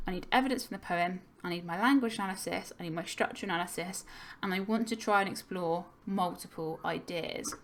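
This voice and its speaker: Woman, young adult, English teacher, recorded lesson, patient explaining, thinking aloud, medium pitch, faint hiss. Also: fairly bright tone. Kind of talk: recorded lesson on poetry analysis.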